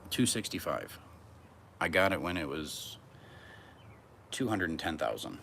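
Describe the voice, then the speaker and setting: Young man, very low voice, loose swearing livestream host, noisy background. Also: very animated, a little slow, creaky, a bit bright. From United States. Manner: rambling, rhyming, swears often, playful. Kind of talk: casual livestream chat. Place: Michigan, summer heat.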